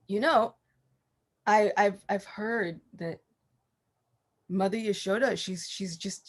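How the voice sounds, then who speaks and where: A woman giving a scripture class, telling the story in a lively, animated way. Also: mid-range voice.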